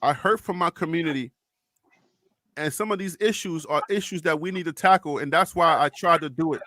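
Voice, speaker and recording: A man with a high, bright, sharp voice hosts a livestream panel, talking with deep emotion. He builds his points in a repetitive, preacher-like cadence. The sound is dry and close. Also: a little fast, dry recording. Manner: impassioned, repeats himself, preacher-like cadence. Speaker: livestream host.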